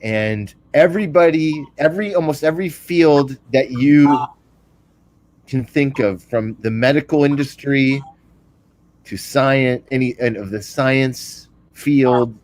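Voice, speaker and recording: A man in casual video-call conversation, talking in a halting, lecturing way. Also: mid-range voice, a little mellow, no echo. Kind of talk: casual chat.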